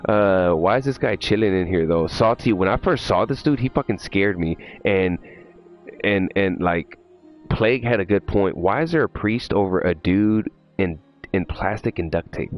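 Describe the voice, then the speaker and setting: A man streams a horror game live, rambling to his chat in a loose, profane and jittery way. His voice is very low. Faint game music plays in the background. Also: animated, normal speed, dull audio. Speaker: livestreamer. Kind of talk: casual live gameplay chat.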